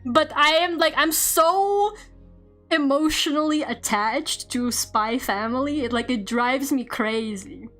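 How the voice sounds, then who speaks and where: A woman's voice: high-pitched, slow, fairly bright tone. A woman VTuber chatting casually while she draws on stream, rambling, laughing often and swearing offhandedly. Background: faint video game soundtrack music.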